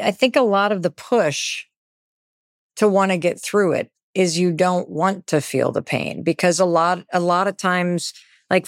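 A woman's voice: fairly low pitch, no echo, clean studio sound. A woman hosting an interview, speaking thoughtfully and searching for her words. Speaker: interview host. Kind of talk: interview conversation.

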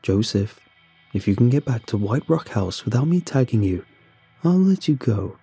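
A man voicing a sinister furry rabbit-like creature that speaks slowly and softly with mock-friendly menace. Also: medium pitch, very animated, slightly rough, faint music behind, heavily acted. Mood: menacing.

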